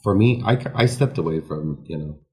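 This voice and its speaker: A man, a longtime hairstylist, talking casually as a guest, relaxed and filling pauses with small phrases. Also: rumbling low, breathy edge. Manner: relaxed, leans on "you know" fillers. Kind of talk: casual chat.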